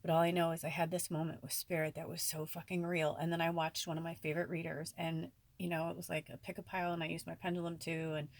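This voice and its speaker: A woman's voice: low-pitched, level tone, fast talker, hardly any pauses, dry recording. A woman talking tearfully and rambling in a personal vlog, filling her speech with many "like"s. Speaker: spiritual vlogger.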